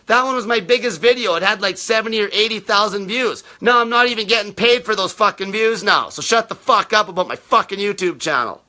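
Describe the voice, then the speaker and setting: A man with a high, piercing, tense voice rants on a live stream, answering viewers bluntly and combatively. He swears almost constantly and talks in an aggressive, no-nonsense way. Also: fairly quick, hardly any pauses, pushed and bright. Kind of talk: unscripted live rant.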